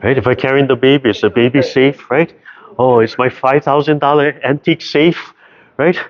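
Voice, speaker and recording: Over a video call with dull, lo-fi audio, a man with a mid-range voice teaches a tai chi class at a moderate pace and in a steady tone. He explains things carefully and checks in with "right?" after nearly every point.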